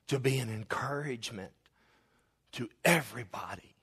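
A man preaching a sermon as pastor, praying aloud with passion and swinging between loud cries and hushed whispers. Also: medium pitch, normal speed, husky. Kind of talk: sermon with spoken prayer.

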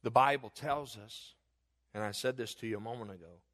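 A middle-aged man preaching a sermon as a pastor, telling jokes and stories in an animated way. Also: medium pitch, fairly quick. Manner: animated, joking storyteller. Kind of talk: humorous sermon.

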